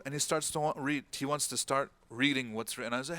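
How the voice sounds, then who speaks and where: A man's voice: mid-range voice, fairly even intonation, brisk, no room sound. A man giving an informal religious talk as an imam, telling a story and acting out the people in it with a raised voice, and dropping Arabic words and phrases into his speech. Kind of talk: talk-style religious lecture.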